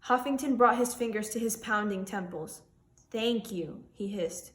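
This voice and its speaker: A woman's voice: medium pitch, normal speed, roomy sound. A young woman, a student author, introduces herself and reads her own short story aloud, giving the characters voices. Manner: expressive reading, voicing characters.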